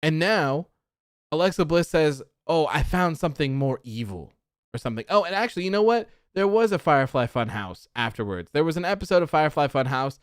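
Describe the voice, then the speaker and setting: A man's voice: on the high side, animated, fast talker, clean tone, dry recording, clean studio sound. A young man hosting a casual wrestling livestream, rambling in frustration and reading chat comments aloud. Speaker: livestream host.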